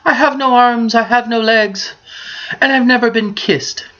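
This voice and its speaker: A woman's voice: a little high, unhurried, fairly bright tone, dull audio, voice pushed up. A woman voicing a tearful young woman in a spoken joke. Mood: plaintive.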